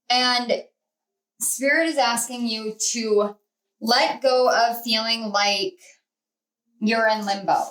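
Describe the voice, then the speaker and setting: A woman giving a spiritual tarot reading, rambling and heartfelt with many fillers, speaking from a distance from the mic. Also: on the high side. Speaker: tarot reader. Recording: roomy, from off-mic.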